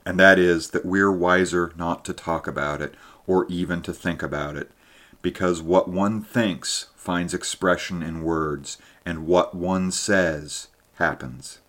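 A grave traveler on a river trip in a storybook reading, voiced by a man. He speaks slowly and quietly, with a deep voice. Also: fairly even intonation. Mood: solemn. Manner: slow, grave and low.

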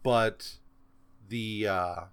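A man hosting a comics podcast, talking slowly in a rambling way and reading out issue credits. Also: on the low side, steady tone, fairly bright tone, clear, resonant tone, no room sound. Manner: slow and rambling, with fillers and restarts. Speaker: podcast host. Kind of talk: casual chat.

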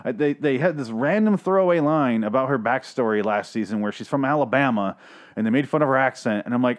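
A man ranting through a TV episode recap, sarcastic and exasperated. His speech is heavy with swearing and loose asides. His voice sits at an ordinary middle pitch. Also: lively intonation, a little fast. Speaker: podcast host reviewing a TV episode.

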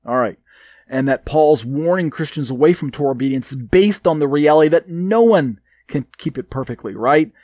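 A man's voice: fairly high pitch, animated, moderate pace, darkish tone, no room sound. A man teaching from a Bible commentary he wrote, hesitant, with many fillers and restarts, and leaning hard on his key points. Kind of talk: reading and explaining a commentary.

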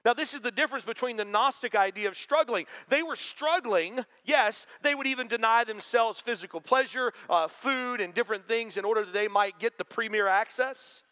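A man's voice: very high voice, normal speed, hardly any pauses, bright, forceful tone. A man preaching a sermon to a congregation, talking in a conversational way and quoting scripture. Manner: conversational preaching with quoted asides. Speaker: pastor.

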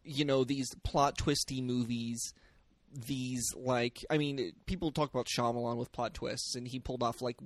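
A man co-hosting a casual film discussion, halting, with frequent "like" and "um". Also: medium pitch, steady tone, dry recording. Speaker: podcast co-host.

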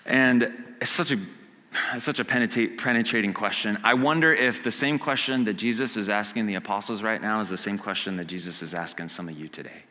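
A man preaching a casual, conversational sermon. He acts out quotes and swings from hushed to loud. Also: lowish voice, brisk, big-room sound. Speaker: pastor. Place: church sanctuary.

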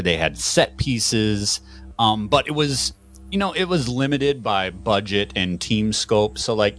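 A man with a fairly low voice who hosts a casual podcast chat. He talks in a wry, rambling way, stopping on ums and restarts as he explains things, with faint music somewhere behind him. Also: a bit bright. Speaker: podcast host.

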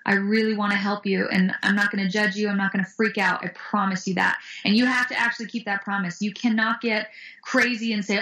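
Woman guest on an interview, upbeat and animated, slips into kid voices when she tells stories. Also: mid-range voice, brisk, poor audio. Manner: animated, acts out quoted voices. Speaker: guest speaker on bullying. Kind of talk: interview answers.

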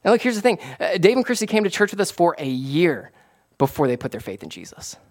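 A man, a pastor, preaching a casual, conversational sermon that rises to excited emphasis. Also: high-pitched, fast talker. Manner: animated, rising to excited emphasis.

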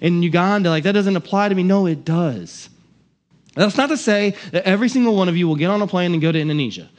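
A man preaching a sermon as pastor, impassioned, swinging from loud emphatic lines to quiet asides. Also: on the high side.

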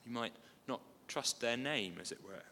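Preacher with a bright, ringing voice. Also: male voice, mid-range voice, animated, normal speed, creaky. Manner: conversational, with asides and gentle humour. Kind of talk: sermon. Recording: long hall reverb.

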